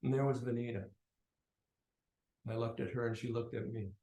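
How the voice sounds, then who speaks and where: A man telling a personal story in a conversational, animated way, his voice swinging between loud and quiet. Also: medium pitch, moderate pace, echoey room, low-quality recording.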